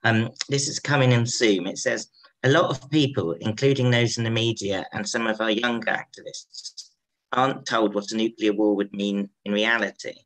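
A man chairing a panel in a relaxed way, reading out audience questions and introducing speakers. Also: lowish voice, moderate pace, low-quality recording. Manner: relaxed, reads out audience questions, some fillers.

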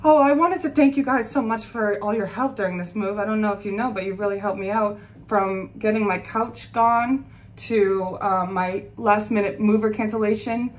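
A woman's voice: medium pitch, moderate pace, rough recording. Chatty young woman vlogging to her phone. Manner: chatty, candid and self-mocking, with frequent fillers. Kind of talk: casual vlog talking to camera. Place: her apartment in New York.

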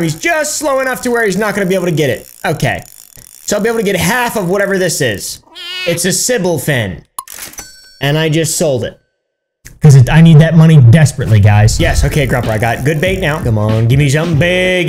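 A man giving casual gameplay commentary, excitable and yelling and cursing at the game. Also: a little high. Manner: excitable, yells and curses at the game. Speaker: gaming YouTuber.

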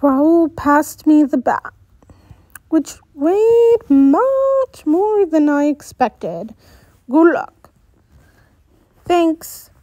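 A woman's voice: high-pitched, very animated, very slow, warm tone, no echo. A woman reading a first-person story aloud, with restarts and little asides. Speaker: story reader.

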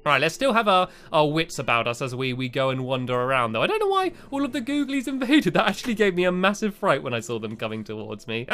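A young man giving cheerful, excitable commentary while playing a game and chatting to a friend and to his viewers. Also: on the high side, quick pace, hardly any pauses, soft background music. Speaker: gaming video host. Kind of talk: playful let's-play commentary.

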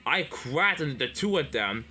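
A man's voice: a little high, sing-song, moderate pace, sharp tone, soft background music, heavily acted. A man voicing a blunt male steam engine.

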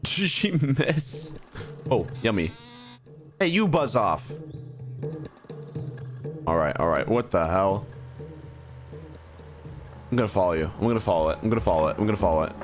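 A young man commentates on his live game stream, rambling from one thought to the next. His voice leaps up and down as he reacts with excitable, jokey energy. Soft music plays underneath. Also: deep voice, normal speed, long pauses.

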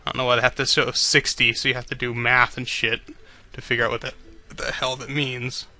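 A man's voice: medium pitch, level tone, a little fast, pushed and bright. A man commentating on a video game he is playing, swearing constantly and griping sarcastically at the characters. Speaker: let's play commentator.

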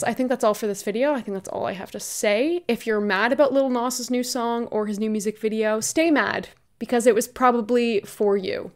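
A young woman giving casual, opinionated commentary on her vlog, laughing often and reading posts aloud. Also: mid-range voice. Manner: chatty, laughs often, reads tweets aloud. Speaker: commentary YouTuber.

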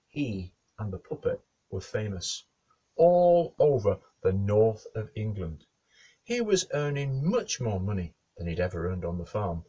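A male storyteller and author with a fairly low, breathy-edged voice tells a children's story and reads a bedtime book playfully. He's lively and speaks straight to the kids.

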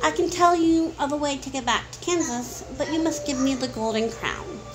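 A woman reading the part of an old, kindly good witch who speaks in a gentle, measured way. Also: high-pitched, music in the background, lightly acted.

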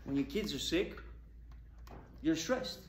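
A man's voice: on the high side, expressive, slow, slight background noise. A male rabbi giving a Torah talk, firing rhetorical questions at his audience with emphasis. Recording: echoey room with faint ambience.

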